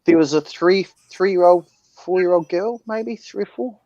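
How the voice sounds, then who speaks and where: A man's voice: high voice, unhurried, mellow, no echo. A man in his forties chatting casually over a phone call, rambling and hesitant. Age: 40s. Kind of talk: casual chat.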